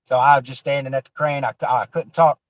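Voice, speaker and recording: A man, telling a raw, emotional personal story with cursing and halting restarts. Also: medium pitch, fairly even intonation, dry recording, poor audio. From Florida Panhandle.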